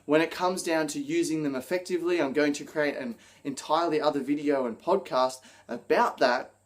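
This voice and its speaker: A man coaching public speaking straight to camera, energetic, acting out gestures as he explains them. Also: a little high, fairly quick. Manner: energetic, demonstrates gestures while talking. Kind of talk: direct-to-camera teaching video.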